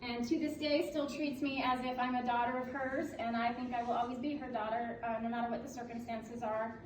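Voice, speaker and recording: High-voiced woman giving a candid ceremony speech. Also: little pitch movement, a little fast, crowd noise. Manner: candid, joking, laughs often. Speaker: military officer being promoted. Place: indoor room at a ceremony. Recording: echoey room, distant mic, noisy background.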